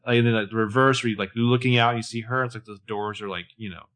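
A man's voice: mid-range voice, fairly even intonation, fast talker, fairly bright tone. A man co-hosting a podcast, casually recapping a TV episode and jokingly acting out characters' lines. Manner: jokey, acts out characters' lines in passing. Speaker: podcast co-host.

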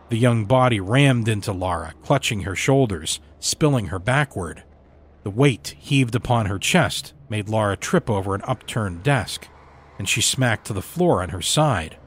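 Male horror narrator; low, husky, measured and dramatic. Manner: measured, dramatic storytelling delivery. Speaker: story narrator.

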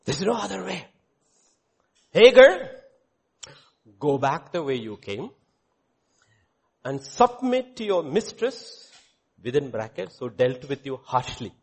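A man preaching a sermon, animated, swinging between loud exclamations and quiet asides, joking with the congregation. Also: mid-range voice, takes it slowly, pauses often. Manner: jokes with the congregation, calls on children by name. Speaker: pastor.

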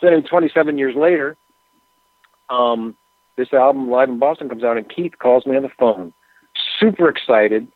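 A man's voice: medium pitch, moderate pace, no room sound. Man telling stories over a tinny phone line. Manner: relaxed, rambling anecdotes with frequent fillers. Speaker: musician guest. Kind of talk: casual interview storytelling.

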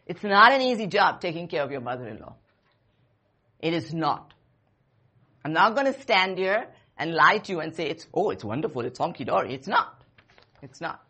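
A woman's voice: on the low side, big pitch swings, normal speed, long pauses, sharp tone. A woman in her fifties preaching to a young church group in an earnest, conversational way, repeating her key phrases for emphasis. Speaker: church speaker. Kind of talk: sermon to a young congregation.

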